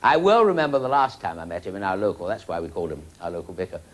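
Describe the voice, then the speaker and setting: A man's voice: low voice, expressive, rapid-fire. A man telling a long rambling joke with chuckling asides. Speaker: comedian.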